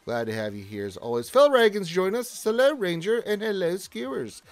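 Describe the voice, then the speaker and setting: A man's voice: sits high, very animated, normal speed, no room sound. A man hosting a casual gaming livestream, reading chat messages aloud and greeting viewers with loose jokes and plenty of fillers. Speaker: livestream host.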